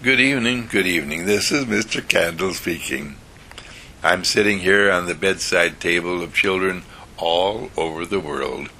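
A man voicing a gentle talking bedside candle who tells bedtime stories in a slow, soothing way. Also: deep voice, slight background noise, voice pushed down.

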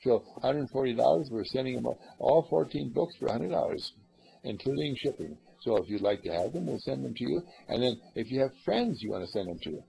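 A man with a mellow, gravelly voice gives an earnest spiritual talk to a group. He rambles and fills his pauses with uhs and ums. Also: poor audio. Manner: acts out callers in lively higher voices; rambling, earnest, with many fillers. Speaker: spiritual teacher.

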